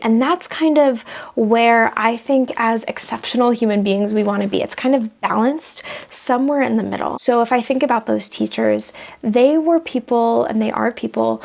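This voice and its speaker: Reflective woman with a gravelly edge. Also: on the high side, a little mellow. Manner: reflective, acts out little example voices. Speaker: vlogger sharing personal growth advice. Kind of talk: casual talk to camera.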